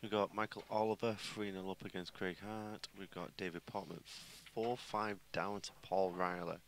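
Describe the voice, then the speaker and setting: A man commentating live on a pool match, chatty and excitable as he reels off a run of scores. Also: deep voice, normal speed, a little hiss or hum.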